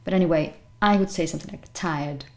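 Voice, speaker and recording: Woman language teacher, slow deliberate pronunciation, repeats each word. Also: mid-range voice, expressive, a little mellow. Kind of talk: pronunciation lesson.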